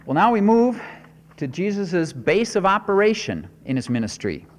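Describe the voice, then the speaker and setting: Preacher guy giving a sermon, kinda high voice, measured and earnest, echoey church hall. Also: big pitch swings. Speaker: pastor.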